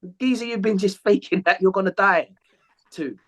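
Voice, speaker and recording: A man's voice: high voice, very animated, normal speed. A man, co-hosting a casual football podcast, telling stories animatedly, acting out quotes and swearing freely. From England. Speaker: podcast co-host, former footballer. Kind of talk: casual chat.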